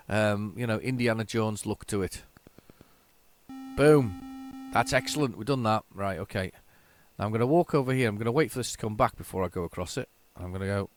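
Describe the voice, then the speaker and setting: Male gamer, self-mocking and excitable, lively swooping delivery. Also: mid-range voice, dry recording. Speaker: retro game tape reviewer. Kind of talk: casual gameplay commentary.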